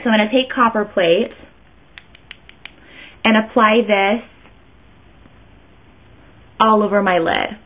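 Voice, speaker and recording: A woman chatting her way through a makeup tutorial, rambling and interrupting herself as she goes. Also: mid-range voice. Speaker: beauty vlogger. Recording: tinny phone-like sound.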